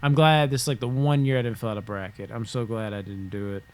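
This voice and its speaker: A man hosting his own podcast alone at home, with a mid-pitched voice. He rambles off the cuff and swears freely as he goes. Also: steady tone, quick pace, darkish tone, clear, resonant tone. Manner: rambling, profane, spitballing. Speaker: podcast host. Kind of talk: casual solo podcast monologue. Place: home room.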